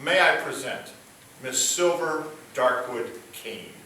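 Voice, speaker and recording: A man plays a snide, smug lawyer who announces guests and reads out a will in a formal tone. His voice is bright and clear, picked up from a distance in an echoey room. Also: medium pitch, slow pace, slight background noise. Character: smug, sharp-tongued lawyer and host of the manor.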